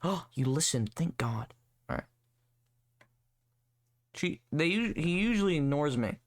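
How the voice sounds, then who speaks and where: A man's voice: a little high, expressive, a little slow. A young man hosting a solo podcast, rambling and swearing in a sarcastic, casual rant. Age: young adult. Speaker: podcast host.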